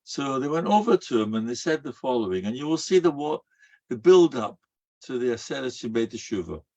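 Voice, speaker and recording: A man's voice: medium pitch, sing-song, brisk, darkish tone. A man giving a sermon as a rabbi, telling stories and asking and answering his own rhetorical questions, peppered with Hebrew and Yiddish terms. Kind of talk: sermon to a live audience. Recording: dull lo-fi recording.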